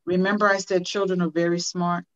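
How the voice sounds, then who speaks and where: An older woman speaks in a low, earnest voice, telling stories with a preacher's build. She talks as an interview guest. Her recording sounds a little dull and muffled. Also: flat delivery, fairly quick. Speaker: motivational speaker.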